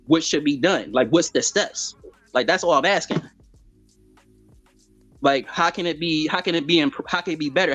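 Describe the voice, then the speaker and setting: A man's voice: fairly high pitch, fairly bright tone. A man co-hosting a podcast, pressing a question over and over in a heated debate. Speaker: podcast co-host. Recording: dull lo-fi sound.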